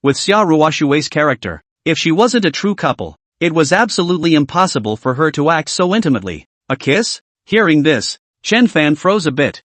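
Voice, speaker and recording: A man narrating a comic recap in a lively storytelling way. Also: on the high side, fairly quick, hardly any pauses, dry recording.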